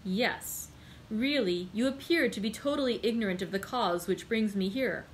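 A woman's voice: mid-range voice, moderate pace, a little hiss or hum, natural voice. A woman reading the part of a proud young male viscount who speaks coldly and formally in a storybook reading. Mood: indignant. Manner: cold, formal, insistent.

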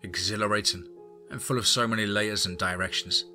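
A man's voice: on the low side, fairly even intonation, brisk, music in the background. A man narrating a horror story aloud, then chatting enthusiastically to his listeners. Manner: enthusiastic, effusive.

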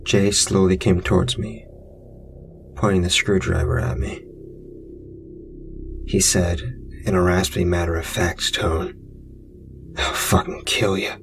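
A man with a deep, gravelly voice tells a first-person scary story in a blunt, profane, wry way. Music plays clearly underneath him throughout. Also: little pitch movement, a little slow, pauses often. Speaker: narrator.

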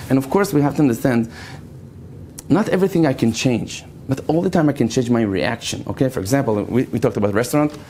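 Animated rabbi telling stories. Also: male voice, mid-range voice, slight background noise. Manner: animated, acts out voices, laughs often, shouts in stories. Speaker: rabbi giving a talk. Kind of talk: lively storytelling lecture.

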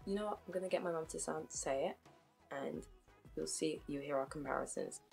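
A woman talks straight to camera, chatty and frank. She laughs at herself and restarts her sentences. Soft music plays faintly behind her. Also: sits low, fairly even intonation, fairly quick, creaky, breathy edge. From United Kingdom. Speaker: vlogger. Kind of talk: casual commentary to camera.

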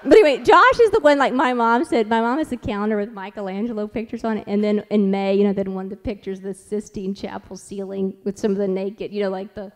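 A woman's voice: medium pitch, fairly even intonation, brisk, few pauses, a little mellow, long reverb tail. Chatty woman telling stories at a church conference. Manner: chatty and rambling, lots of "like", restarts. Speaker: conference speaker and mother. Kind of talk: conference talk with storytelling.

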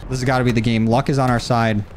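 A man's voice: mid-range voice, quick pace, slight background noise. A man giving casual, cocky commentary on his own gameplay as a gaming YouTuber, with faint music and game gunfire behind him. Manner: animated, cocky trash talk.

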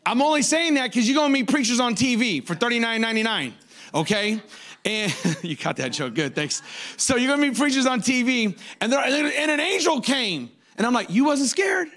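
A man in his forties preaching a sermon as a pastor, telling jokey stories with sudden high-pitched outbursts. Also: expressive, fairly quick, bright, forceful tone.

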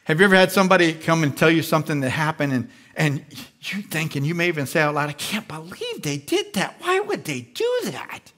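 A man preaching a live sermon as pastor, animated and acting out little voices as he goes. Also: a little high, quick pace, hardly any pauses. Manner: animated, acts out voices of the flesh and believers. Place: large church.

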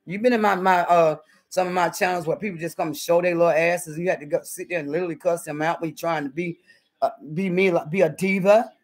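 A woman's voice: lowish voice, fairly even intonation, quick pace, rough recording. A middle-aged woman with a Southern American accent chats casually on a live stream while cooking at home. She talks in a sassy, blunt way and cusses freely. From southern United States. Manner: sassy, blunt, lots of cussing. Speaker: YouTuber.

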